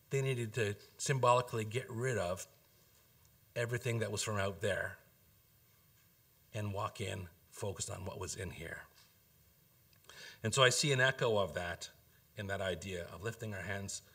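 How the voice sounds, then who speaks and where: A man preaching a sermon as pastor, earnest and emphatic, asking rhetorical questions and dropping to a soft, low voice for key points. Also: normal speed, pauses often.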